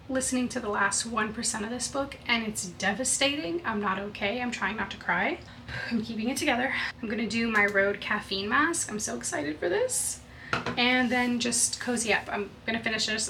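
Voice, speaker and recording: Young female vlogger, high crisp voice, excitable chatter, home camera-mic sound. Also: fairly quick. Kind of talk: casual chat to camera. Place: home, indoors. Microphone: built-in camera mic, not her good mic. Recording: faint air conditioning hum.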